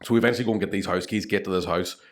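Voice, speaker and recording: A young man with a Northern Irish accent, a comedian telling animated stories on a podcast, swearing freely and laughing through them. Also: low voice, very fast. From Northern Ireland. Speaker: comedian guest. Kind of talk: casual storytelling.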